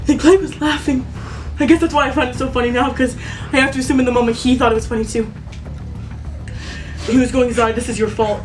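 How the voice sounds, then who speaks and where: A woman's voice: high voice, fairly even intonation, quick pace, soft background music. A woman giving a melodramatic, giggly confession in a comic mockumentary interview. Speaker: interviewee in a mock documentary.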